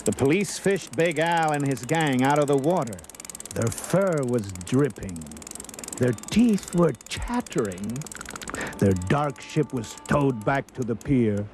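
A man reading a children's storybook aloud, with expressive delivery and sound effects. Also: mid-range voice, takes it slowly, a little hiss or hum. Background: background music.

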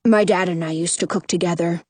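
A woman voicing a gruff, terse male beast who cooks, in an audiobook reading. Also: on the low side, steady tone, brisk, darkish tone, no room sound, pitched below the performer's own voice. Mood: brusque. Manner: brusque, terse.

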